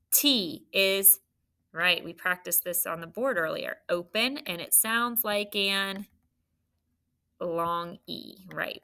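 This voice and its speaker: A woman leads a phonics lesson for young children, sounding out letters one at a time. Her voice is bright and clear, and she talks slowly and patiently. She stays encouraging throughout. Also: medium pitch. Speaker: teacher. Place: classroom.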